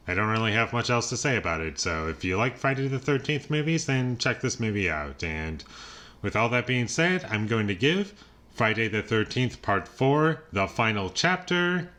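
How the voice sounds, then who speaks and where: Bright-voiced man reviewing a film. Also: mid-range voice. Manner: loose and chatty, heavy filler words, chuckles often. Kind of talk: casual solo movie review.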